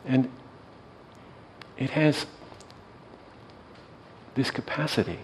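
A man speaking as a meditation teacher in a gentle, soft-spoken way, often letting his voice trail off quietly as he tells a reflective story. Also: mid-range voice, expressive, slow, long pauses, slight background noise, rough recording.

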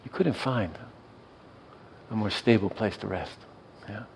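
A man speaking as a meditation teacher in a gentle, soft-spoken way, often letting his voice trail off quietly as he tells a reflective story. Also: fairly low pitch, a little slow, gravelly, a little hiss or hum, rough recording.

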